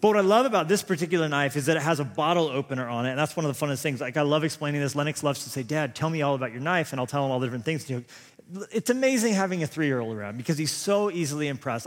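A man's voice: on the high side, lively intonation, very fast. A man in his thirties preaching a sermon, telling rambling, self-deprecating stories full of restarts. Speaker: pastor. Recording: long hall reverb.

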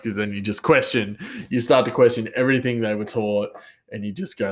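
A man's voice: fairly low pitch, fairly even intonation, quick pace. A man, a chef, talking casually on a podcast, rambling and hesitant with plenty of laughs.

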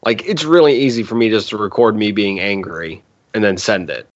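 A man's voice: lowish voice, fairly quick. Guy co-hosting a podcast, rambly and laughy, kinda dull muffled sound. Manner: rambling, laughs and stumbles over words. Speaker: podcast co-host. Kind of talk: casual chat.

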